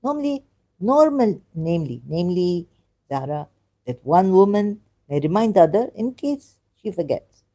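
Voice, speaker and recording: A woman's voice: fairly low pitch, very animated, moderate pace, mellow. Exasperated woman reading and arguing back. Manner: exasperated, argumentative, stumbling over words. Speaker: religion critic reacting to a video. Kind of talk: casual commentary reading and reacting aloud.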